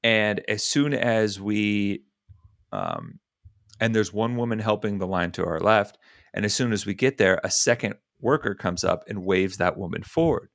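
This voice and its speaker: A young adult man co-hosting a podcast, telling a lively story and acting out the voices of the people in it. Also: on the low side, normal speed, creaky, no room sound, clean studio sound. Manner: lively anecdote teller who acts out quoted voices. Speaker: podcast co-host. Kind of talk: animated storytelling in casual chat.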